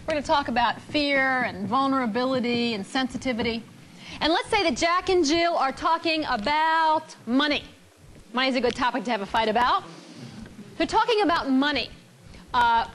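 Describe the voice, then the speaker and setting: High-voiced woman leading a seminar. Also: a little hiss or hum. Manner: animated storytelling, acting out both sides of a couple; asks the audience questions. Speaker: relationship seminar speaker. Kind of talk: live seminar talk to an audience.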